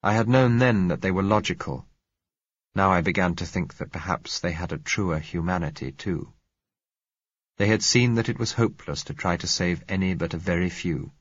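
Deep, husky male audiobook narrator. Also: dry recording, lo-fi sound. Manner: measured, reflective first-person narration. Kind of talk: audiobook reading of a novel.

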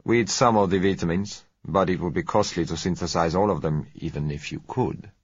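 A man reading as a suave, soft-spoken businessman. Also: sits low, breathy edge, no room sound. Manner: gentle, unhurried and courteous. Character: smooth, polite South American businessman. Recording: dull lo-fi recording.

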